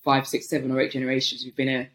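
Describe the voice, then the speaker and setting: A woman's voice: rumbling low, completely flat delivery, very fast, a bit bright, reverberant. A woman from England with a London accent, talking thoughtfully as a podcast guest, often restarting her sentences as she thinks aloud. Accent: London English. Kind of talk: casual interview chat.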